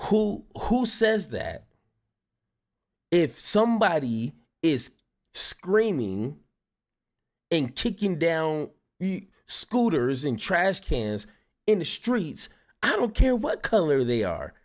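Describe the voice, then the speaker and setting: A man's voice: fairly high pitch, big pitch swings, slow pace. A man hosting a reaction video, giving casual, exasperated commentary with sighs and restarts. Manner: exasperated, sighing asides with many restarts.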